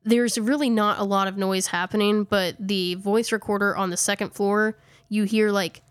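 Casual podcast host, woman; smooth voice, chatty with fillers, slightly breathless. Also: medium pitch, fairly even intonation, moderate pace, dry recording. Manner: chatty, lots of "like", self-correcting. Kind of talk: casual chat recapping a ghost-hunting video.

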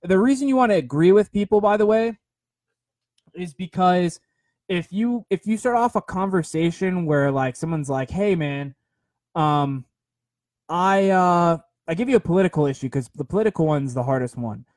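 A man's voice: high-pitched, expressive, a little fast, a little mellow, no room sound. A young man giving a rambling, earnest motivational talk on a phone livestream, full of fillers and repeated words.

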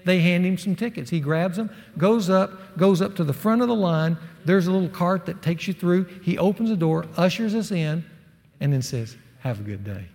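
A middle-aged man giving a sermon to a men's group, telling a personal story in a folksy, animated way. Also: sits high, moderate pace, creaky. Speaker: speaker at a men's ministry session. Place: large hall with a live audience. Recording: long reverb of a large hall.

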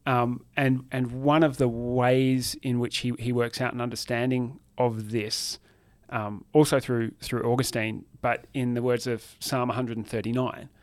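A man hosting a casual discussion in a measured, thoughtful way, drawing on scripture. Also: mid-range voice, little pitch movement. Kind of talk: casual conversation.

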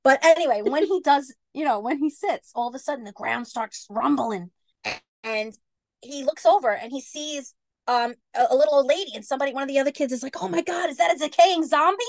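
Higher-voiced woman telling a goofy story. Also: brisk, no echo. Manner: animated storyteller, lots of fillers, jumps into character voices. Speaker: podcast co-host. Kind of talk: casual chat, improvising a story.

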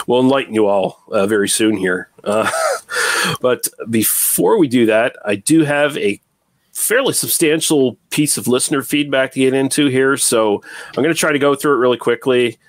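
Male podcast host, relaxed rambler, average pitch, very dry recording. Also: dry recording. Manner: relaxed, rambling, quick asides with fillers. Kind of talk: casual film podcast chat.

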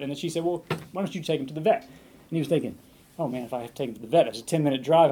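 A man preaching a sermon, retelling a long story in an animated way, with frequent restarts and quoted dialogue. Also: mid-range voice, very fast, a little hiss or hum.

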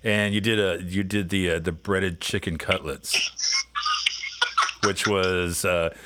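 A man's voice: low-pitched, steady tone, takes it slowly, sharp tone, a little hiss or hum. A man hosting a casual podcast chat, telling long rambling stories and acting out what people said. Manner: rambling storyteller, acts out quotes. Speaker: podcast host.

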